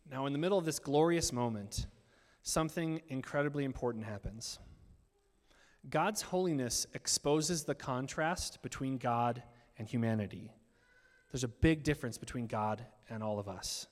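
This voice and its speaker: A man preaching a sermon in an animated, conversational way, often turning to his listeners with asides. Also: high voice, long reverb tail. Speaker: pastor.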